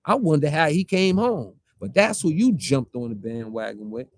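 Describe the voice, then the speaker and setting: A man's voice: fairly high pitch, animated. Confrontational man ranting in street talk. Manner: confrontational, rapid-fire rhetorical questions, mocking quoted voices. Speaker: online commentator. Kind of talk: heated street-talk rant.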